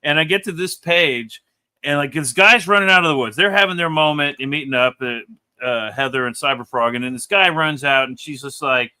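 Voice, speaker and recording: An animated man with a bright, forceful tone and a slightly high-set voice talks through comic pages in easygoing chat. He wanders into asides and breaks into laughter often. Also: brisk. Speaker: comic book reviewer. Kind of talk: casual review chat.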